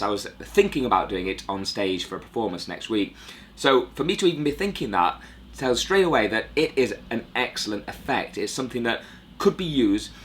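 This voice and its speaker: A man's voice: medium pitch, fairly bright tone. A man giving a chatty, rambling review of a magic trick, with self-deprecating asides. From United Kingdom. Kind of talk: casual review monologue.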